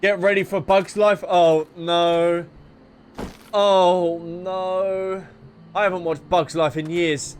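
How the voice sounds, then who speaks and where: A young man casually commenting on a game he is playing, joking and excitable. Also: on the high side, measured pace, few pauses, slight background noise. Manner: jokey, excitable, laughing asides. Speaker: streamer. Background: faint game music.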